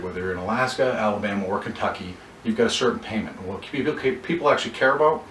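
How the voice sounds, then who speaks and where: A man teaching car sales, heard from across an echoey room with a faint noise bed. He coaches in a running, practical way and keeps restarting sentences as he plays out little exchanges. His voice sits at a mid pitch for a man. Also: fairly bright tone, recorded from a distance. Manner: coaching, role-plays dialogue, frequent restarts. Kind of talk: sales training talk.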